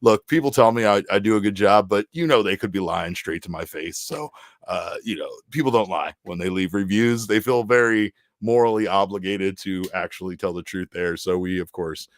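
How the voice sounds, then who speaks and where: A man hosting a live sports show in casual, joking banter, breaking into loud excited bursts. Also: deep voice, moderate pace, no echo, studio quality.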